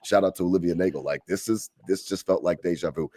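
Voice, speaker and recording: Low-voiced guy rattling off a story fast on a sports podcast, swears a lot, dry close mic. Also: no room sound. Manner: animated storyteller, swears, acts out arguments. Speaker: podcast co-host. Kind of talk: casual sports chat.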